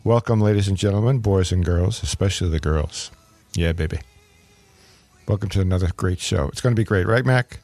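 A man's voice: low-pitched, a little fast, vocal fry, darkish tone, faint music behind. Hammy flirty male co-host. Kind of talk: casual banter on a radio show. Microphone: video call.

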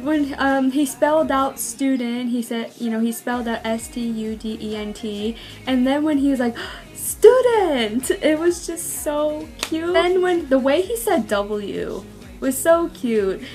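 Young woman vlogging, super gushy fan talk, kinda high voice, soft music behind. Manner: bubbly, gushing fan talk with many "like"s. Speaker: vlogger reviewing a web drama. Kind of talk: casual chat.

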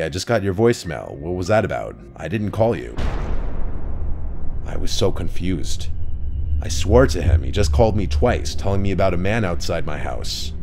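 A man narrating a true horror story in a calm, measured, scripted way. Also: sits low.

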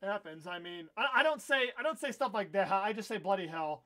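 A young American man with a notably high voice, streaming a game live. He rambles and corrects himself as he chats, breaking into excitable outbursts now and then. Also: fairly quick. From United States. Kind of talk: casual live-stream chat while gaming.

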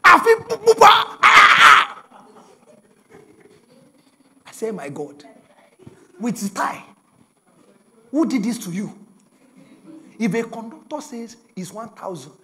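Animated Nigerian pastor, high lively voice. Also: male voice, moderate pace, pauses often, background noise. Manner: animated storytelling, bursts of shouting and laughter. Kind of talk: sermon.

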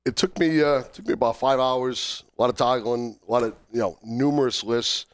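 A man co-hosting a casual podcast while under the weather from a cold, talking haltingly with many fillers as he works through a list. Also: mid-range voice, clean tone, no room sound. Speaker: podcast co-host.

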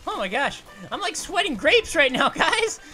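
Cartoon grape girl gamer host: goofy, excitable, giggly, with a high, lively voice and faint music behind. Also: normal speed, exaggerated voice. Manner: giggly, punny, yelps at danger. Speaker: host of gaming videos. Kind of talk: animated let's-play commentary.

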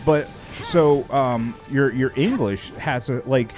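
A man with a Midwestern American accent hosting a casual livestream chat, relaxed and curious, with plenty of fillers. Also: medium pitch, slow pace, music in the background. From United States. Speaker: streamer.

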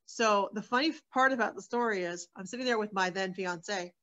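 A woman telling her own life story as an interview guest, candid and earnest. She talks at a middle pitch and loosely, with plenty of fillers and restarts. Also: normal speed, sharp tone, lo-fi sound. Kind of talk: sharing a personal testimony.

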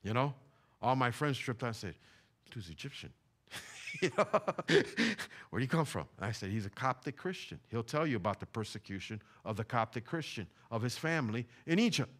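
A man's voice: medium pitch, lively intonation, fairly quick, fairly bright tone. A middle-aged man from Puerto Rico, preaching a fervent sermon in a church, repeating his points with emphasis. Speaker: pastor. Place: church sanctuary.

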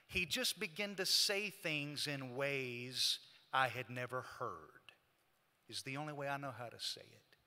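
A man giving a eulogy for his brother at a church memorial service, telling the story in a halting, emotional way and quoting their conversations. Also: medium pitch, sharp tone. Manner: halting, emotional retelling with quoted dialogue. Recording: echoey church hall.

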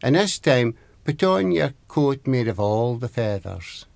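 A man with an Aberdeen Scottish accent voicing a small male fairy who works magic and chants spells in a low voice. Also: very animated, a little slow, creaky, darkish tone, no echo. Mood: coaxing.

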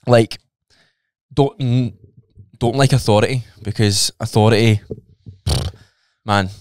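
A man's voice: medium pitch, steady tone, takes it slowly, darkish tone, dry recording, clean studio sound. A Scottish man chatting casually as a guest on a podcast, talking bluntly with plenty of swearing.

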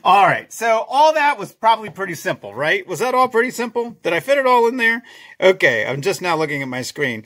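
A man's voice: sits high, big pitch swings, brisk, a bit bright. A middle-aged man chatting casually through a drawing tutorial, self-deprecating and chuckling as he goes. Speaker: children's author drawing a comic.

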